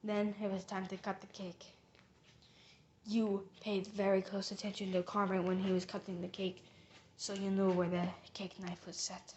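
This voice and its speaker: A woman's voice: medium pitch, monotone, normal speed, a little mellow, slight background noise. A woman narrating a mystery reveal, theatrically accusing the culprit as she retraces the crime step by step.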